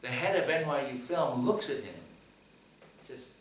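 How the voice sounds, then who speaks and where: A man's voice: medium pitch, animated, measured pace, slight background noise. A man, a film director and teacher, telling a story at a screening Q&A with hesitant restarts. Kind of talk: public Q&A after a screening. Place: screening hall with audience. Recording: echoey hall, mic from far off.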